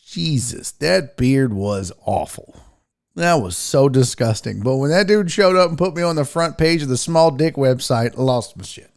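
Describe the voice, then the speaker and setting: A man's voice: mid-range voice, expressive, moderate pace, creaky. A man hosting a casual live-streamed sports talk show. He rambles, jokes and swears freely. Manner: profane, joking, rambling. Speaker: host.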